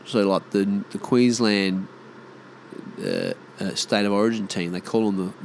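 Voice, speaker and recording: A man in his thirties speaks in a broad Australian accent, rambling through a loose solo monologue and swearing often. His voice sits on the lower side, and a faint hum runs behind him. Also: very animated, measured pace, vocal fry. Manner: swears freely, mimics mates in exaggerated voices. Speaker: vlogger.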